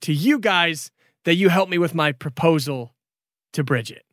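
A man's voice: a little high, normal speed, dry recording, studio quality, natural voice. A man voicing a lovesick, eager young male dragon who gushes earnestly. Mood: pleading. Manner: gushing, earnest and excitable.

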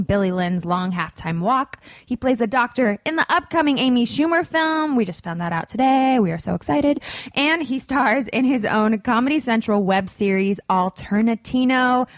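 A woman's voice: fairly high pitch, no echo. Upbeat woman hosting a podcast, dry sound. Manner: upbeat, chatty. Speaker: podcast co-host. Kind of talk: casual chat.

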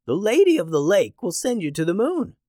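A man's voice: high-pitched, huge pitch swings, a little fast, a little mellow, no echo, studio quality, pitched above the performer's own voice. A man doing a curious knowing scholar.

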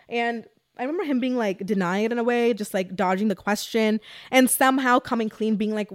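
A young woman hosting a podcast, telling a story in a casual, animated and profane way and talking straight to her listeners. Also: fairly high pitch, a little fast, dry recording, studio quality. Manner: animated, profane, addresses listeners as you guys. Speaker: podcast host.

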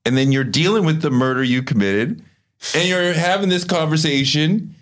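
A man hosting a podcast interview, asking questions in a playful, expressive way. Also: a little high, moderate pace. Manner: expressive, playful, mimics voices. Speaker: podcast host. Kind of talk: conversational interview.

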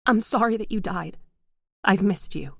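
A woman's voice: mid-range voice, measured pace, creaky, voice pushed up. A woman voicing a frightened woman in her thirties who pleads and cries out in desperation in a horror audiobook. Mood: pleading. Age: 30s. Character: frightened guilty woman mechanic, 35.

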